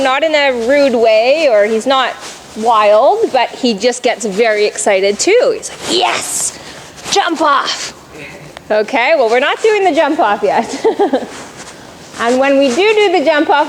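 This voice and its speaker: A woman's voice: high-pitched, expressive, a little slow, a little hiss or hum, low-quality recording. A woman riding instructor coaching a jumping lesson, calling out cues and explaining in an encouraging, instructive way.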